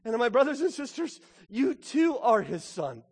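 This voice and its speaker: A man preaching a sermon as a pastor, swinging between loud pleading and hushed, intimate asides. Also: very high-pitched, big pitch swings, normal speed, husky. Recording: reverberant hall.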